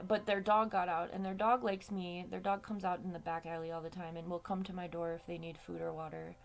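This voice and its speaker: A woman's voice: fairly low pitch, flat delivery, fairly quick, few pauses, a little hiss or hum. A woman telling a story to her camera in a casual, chatty way, swearing freely and laughing between lines. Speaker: vlogger.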